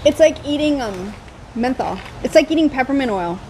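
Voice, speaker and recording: Female co-host, high-pitched, playful and teasing, faint background noise. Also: lively intonation, normal speed, warm tone, low-quality recording. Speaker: co-host of live stream. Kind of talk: casual chat.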